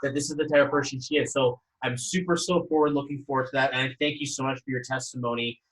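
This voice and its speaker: A man's voice: mid-range voice, steady tone, fast talker, fairly bright tone, reverberant, poor audio. A man hosting a casual group video call as a numerology coach, upbeat and effusive, rambling from one thought to the next.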